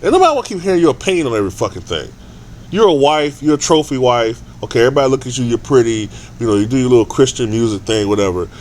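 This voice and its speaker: A man's voice: medium pitch, expressive, very fast, darkish tone, slight background noise. A man ranting casually in a vlog, profane and rambling, with stammered restarts. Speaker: sports vlogger.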